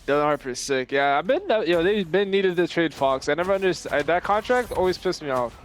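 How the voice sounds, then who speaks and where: A man chatting with a friend while gaming on a stream, slangy and animated in quick bursts. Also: fairly high pitch. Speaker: gamer on stream. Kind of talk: casual chat while gaming.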